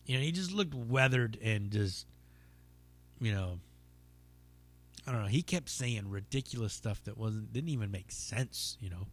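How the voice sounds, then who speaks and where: A man's voice: fairly low pitch, animated, measured pace, long pauses. A man hosting his own podcast, telling a stand-up story in casual, rambling talk full of swearing and fillers. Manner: rambling, profane, lots of fillers. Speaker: podcast host and stand-up comic.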